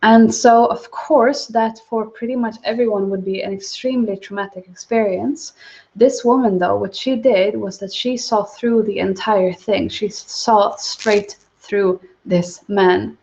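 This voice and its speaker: A woman giving a livestreamed spiritual teaching talk, soft-spoken and calm. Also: medium pitch, a little slow. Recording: dull lo-fi livestream audio.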